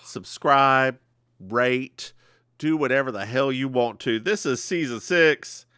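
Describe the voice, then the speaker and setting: A man's voice: mid-range voice, slow pace, pushed and bright, clear, resonant tone, no room sound, studio quality. A man with a Southern US accent co-hosting a podcast, chatting sassily and playfully about a TV episode. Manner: sassy and playful, calls his co-host girl. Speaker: podcast co-host. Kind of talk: casual chat about a TV episode.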